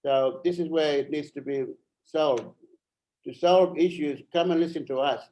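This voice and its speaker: A middle-aged man from Arnhem Land speaking at an online forum as a member of parliament, halting and earnest, repeating phrases, a little out of breath. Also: on the high side, dark tone, rough recording. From Arnhem Land, Australia.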